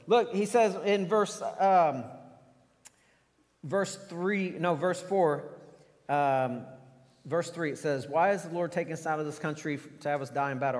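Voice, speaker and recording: A man with an American accent preaching a sermon, animated and full of rhetorical questions. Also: fairly high pitch, measured pace. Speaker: pastor. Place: large church sanctuary. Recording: long church hall reverb.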